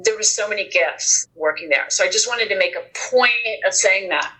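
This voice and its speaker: A woman guest on a podcast, telling a personal story in an earnest, animated way, acting out the dialogue as she goes. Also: medium pitch, normal speed, low-quality recording. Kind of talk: conversational storytelling.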